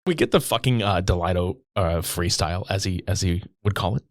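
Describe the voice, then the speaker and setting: A man's voice: low-pitched, brisk, no echo, studio quality. A man hosting a podcast, chatting casually about a comedy film with a joking, profane manner. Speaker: podcast host.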